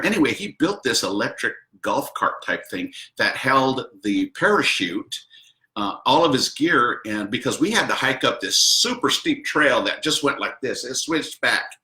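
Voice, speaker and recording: A man's voice: mid-range voice, sharp tone, roomy sound. A man hosting a video, telling a personal story casually and animatedly, acting out quotes and laughing often. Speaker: host.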